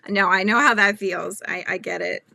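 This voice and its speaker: A young woman chats with her viewers while she paints, giggling often and dropping to quiet murmurs between strokes. Her voice is bright and forward, sitting at an ordinary pitch for a woman. The sound is close and dry, with no room around it. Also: vocal fry, no echo. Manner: giggly, chatty, laughs often. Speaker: art livestream host. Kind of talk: casual livestream chat while painting.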